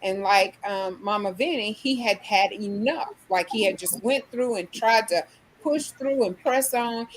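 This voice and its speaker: A woman's voice: mid-range voice, unhurried, slight background noise, rough recording. A woman in a discussion who retells a story earnestly, often saying "like". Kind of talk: casual discussion.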